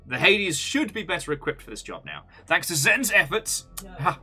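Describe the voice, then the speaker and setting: A male expedition researcher, voiced by a man, reads his log in a mock-formal, put-on British accent. The voice is very bright and lively, rising and falling a lot, with faint music underneath. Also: fairly high pitch, moderate pace, heavily acted. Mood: reporting.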